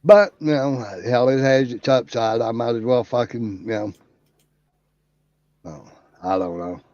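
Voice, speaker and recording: A man's voice: mid-range voice, a little slow, darkish tone, dry recording, highs cut off. A man hosting his channel, chatting in a rambling, profane way and telling off-color jokes. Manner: rambling, drawling, heavy cursing. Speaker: channel host. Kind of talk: casual profane chat and joke telling.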